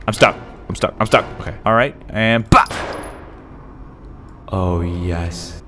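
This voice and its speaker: A man playing a horror game, giving jumpy, excitable let's play commentary straight to his viewers. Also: sits low, normal speed, a little hiss or hum. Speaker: gaming YouTuber. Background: faint game music.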